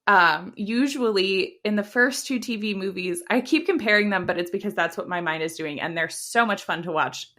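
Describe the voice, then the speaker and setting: A woman's voice: medium pitch, moderate pace, few pauses, fairly bright tone. A woman co-hosting a podcast in casual chat, talking with many fillers and restarts and laughing often. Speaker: podcast co-host.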